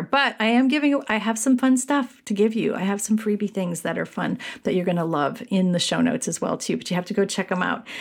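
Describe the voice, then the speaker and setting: A woman hosting her own podcast alone into a mic in a small room, chatty and upbeat, often repeating herself warmly. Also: on the low side, gravelly. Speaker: podcast host. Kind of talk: solo podcast chat. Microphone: studio mic.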